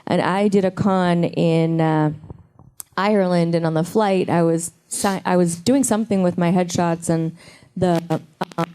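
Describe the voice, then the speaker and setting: Mellow-voiced woman chatting with fans on a con panel, playful storyteller, handheld mic. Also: on the low side, steady tone, a little slow, clean tone. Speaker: convention panel guest. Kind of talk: casual panel Q&A. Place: convention panel room.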